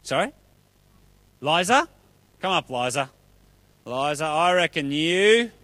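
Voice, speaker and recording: Playful man with a high voice. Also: expressive, slow, sharp tone, dry recording. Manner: chatty, playful, upbeat. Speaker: children's speaker at church. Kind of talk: children's talk with audience play.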